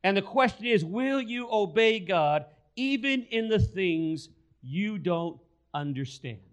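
Guy preaching with a high voice, acts out the characters, repeats lines to drive them home. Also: expressive, takes it slowly, clear, resonant tone. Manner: storytelling, acts out quoted voices; repeats phrases for emphasis. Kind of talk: sermon.

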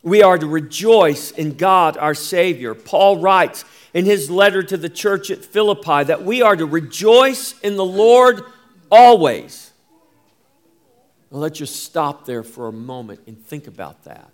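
A man preaching a sermon as pastor, slow and emphatic, rising and falling as he drives each point home. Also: a little high.

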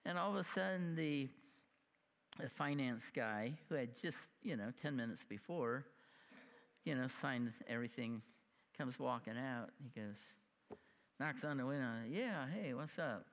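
A man in his fifties preaching a sermon, telling a personal story in an animated way, acting out the voices of the people in it and laughing at himself. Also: mid-range voice, a little slow. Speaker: pastor. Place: church sanctuary. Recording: long hall reverb.

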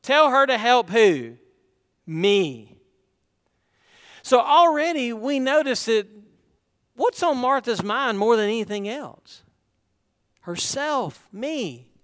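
A man's voice: sits high, a bit bright, clear, resonant tone, long reverb tail. A middle-aged man preaching a sermon, talking conversationally and asking the congregation rhetorical questions. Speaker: pastor.

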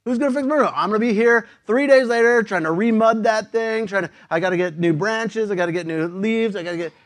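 A man voicing a grumpy old homeowner who rants indignantly, his voice pushed higher and louder. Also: fast, natural voice. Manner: indignant, ranting. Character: grumpy old male homeowner, furious about his roof.

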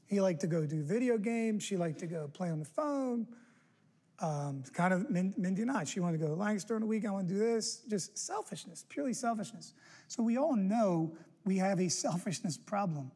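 A man's voice: high voice, animated, brisk, warm tone. A man in his forties giving a casual, storytelling sermon to a church congregation, full of asides and restarts. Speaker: guest preacher. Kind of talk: conversational sermon. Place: church sanctuary.

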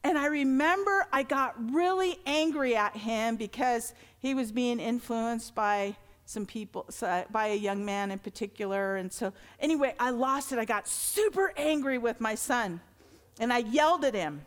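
A middle-aged woman pastor gives a sermon in a fairly high voice at a moderate pace. She's earnest and conversational, swelling into emphatic lines, and the recording has the long reverb of a large hall.

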